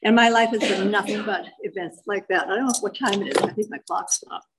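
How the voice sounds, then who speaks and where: An older woman giving a personal recovery testimony as a meeting speaker, telling her story with animated emphasis and repeated phrases. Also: medium pitch, fairly quick, very noisy.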